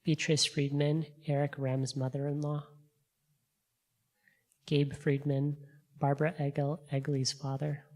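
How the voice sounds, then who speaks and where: Service leader, slow and level, reading a list of names at a service. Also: mid-range voice. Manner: measured, even reading of a list.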